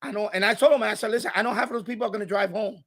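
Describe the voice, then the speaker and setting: A man hosting a casual live stream, telling a story in an animated, ranting way and chatting with viewers. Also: sits high, very fast.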